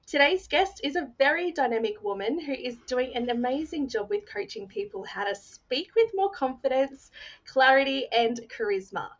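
A woman's voice: high voice, expressive, moderate pace, lo-fi sound. A young woman hosting a podcast interview, earnest and effusive as she introduces and thanks her guest. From Australia. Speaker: podcast host.

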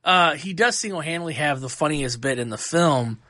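A man hosting a podcast, giving a casual and animated movie review full of fillers and restarts. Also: on the high side, fairly quick, no room sound, clean studio sound. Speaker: podcast host.

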